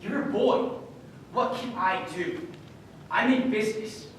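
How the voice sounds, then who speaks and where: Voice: medium pitch, measured pace, slight background noise, lightly acted. A student actor playing an older businessman father who pleads and justifies himself, in a student stage performance. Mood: pleading. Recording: echoey room from far off.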